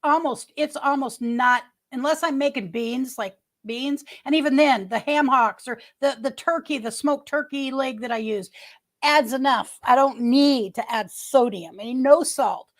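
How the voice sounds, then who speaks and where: Speaking at a measured pace in a high register, this middle-aged livestream host chats casually and ramblingly with her audience. She calls out viewers by name, keeps restarting sentences, and is picked up by a webcam microphone.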